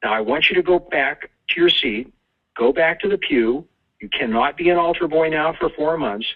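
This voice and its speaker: A man's voice: fairly high pitch, expressive, moderate pace, pitched above the performer's own voice. A man putting on a prying parish priest. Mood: stern. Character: older male parish priest, persistent. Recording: tinny phone-line audio.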